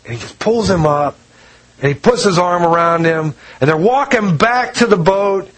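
High-voiced man preaching casually. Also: expressive, normal speed, poor audio. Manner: conversational storytelling, chuckles. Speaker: pastor. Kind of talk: casual sermon.

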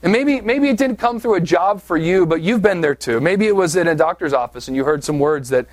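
A man's voice: high-pitched, expressive, fairly quick, no room sound. A man from southeast Pennsylvania preaching a sermon, telling a personal story in a conversational, self-deprecating way with frequent "right?" asides. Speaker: pastor.

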